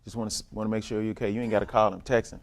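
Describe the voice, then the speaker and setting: A Southern man leads a church workshop in a lively, preacher-style way, talking straight to his listeners. His voice sits a little low. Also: very fast. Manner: lively preacher-style teaching, talks to the room. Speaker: workshop leader. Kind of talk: church community training talk.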